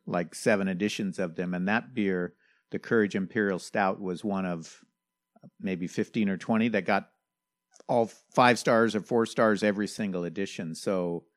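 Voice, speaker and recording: A man with a fairly low voice co-hosts a relaxed podcast conversation. He asks questions and checks his facts with his partner. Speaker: podcast co-host. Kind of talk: casual beer chat.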